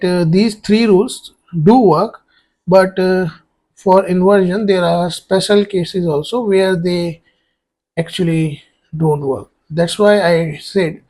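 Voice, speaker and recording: Male tutor, high for a man, very unhurried, explaining grammar slowly as he writes on a board. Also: darkish tone. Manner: explains step by step while writing on a board; spells words out letter by letter. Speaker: French tutor. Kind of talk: exam-prep grammar lesson.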